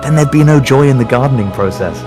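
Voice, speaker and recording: A man, a voice actor, chatting in an interview, animated and self-mocking, laughing often as he tells stories. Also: mid-range voice, fast talker, over music. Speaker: voice actor guest. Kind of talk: casual interview chat.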